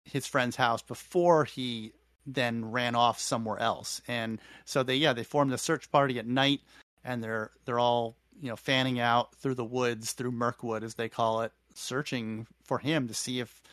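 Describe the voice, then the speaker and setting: A man co-hosting a podcast, recapping a show in a thoughtful, halting way with many restarts. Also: medium pitch, steady tone, a bit bright, no echo. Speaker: podcast co-host. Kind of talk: casual recap chat.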